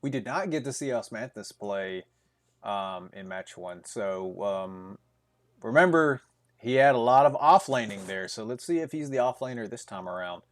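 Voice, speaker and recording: A young man doing solo esports commentary as a tournament caster, chatty and rambling, with quick bursts, frequent fillers and chuckles. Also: lowish voice, expressive.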